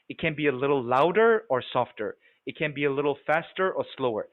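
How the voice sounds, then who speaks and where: A man's voice: a little high, normal speed. Man coaching over a tinny call. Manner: animated, coaching, asks the audience often. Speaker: sales trainer. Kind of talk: live webinar training. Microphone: video call. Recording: tinny phone-like webinar audio.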